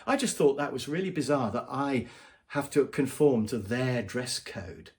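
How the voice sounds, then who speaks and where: A man's voice: mid-range voice, lively intonation, measured pace. A man, a business trainer, giving advice straight to camera in a conversational way. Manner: conversational, acts out quoted voices. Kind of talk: direct-to-camera advice vlog.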